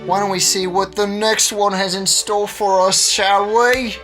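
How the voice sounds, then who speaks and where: A man's voice: high-pitched, level tone, unhurried, fairly bright tone, faint music behind. A man co-hosting a casual word quiz, joking around and slipping in and out of mock accents. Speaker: co-host of a word quiz stream. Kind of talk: casual chat.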